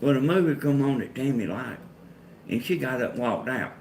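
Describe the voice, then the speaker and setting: Southern man, Georgia country drawl, mid-pitched, plainspoken live-stream co-host. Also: lively intonation, brisk, darkish tone, a little hiss or hum. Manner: plainspoken, laid-back country talk. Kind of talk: casual chat with viewers.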